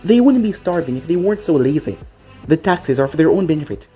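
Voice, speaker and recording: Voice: mid-range voice, big pitch swings, quick pace, warm tone, soft background music, natural voice. A storybook narrator voicing a smug, pampered nobleman who gives haughty, demanding orders.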